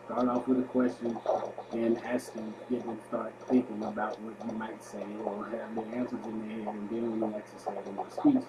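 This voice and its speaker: A man presenting a lesson from his notes, loud on each heading and trailing off quietly at the ends of sentences. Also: on the low side, flat delivery, a little fast, heavy background noise. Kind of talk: reading study notes aloud as a video presentation. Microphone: webcam microphone.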